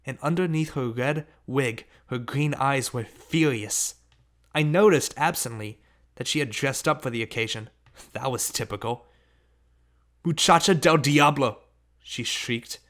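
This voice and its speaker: A man's voice: mid-range voice, moderate pace. Man narrating an audiobook in a mid voice. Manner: steady first-person storytelling. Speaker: audiobook reader.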